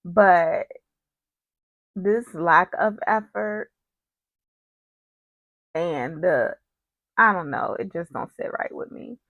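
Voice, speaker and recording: A woman's voice: fairly low pitch, slow, pauses often, fairly bright tone, dry recording. A woman casually recapping a soap opera, chatty and opinionated, with frequent digressions.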